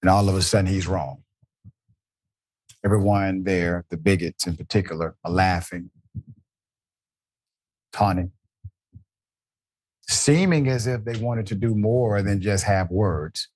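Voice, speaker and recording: A man hosts a news commentary segment, his lowish voice pointed and indignant as he calls out the people in the footage. The sound is dry and close, with no room around it. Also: unhurried, long pauses, a little mellow, no echo. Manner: indignant, pointed, addresses people in clips directly. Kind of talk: opinion commentary.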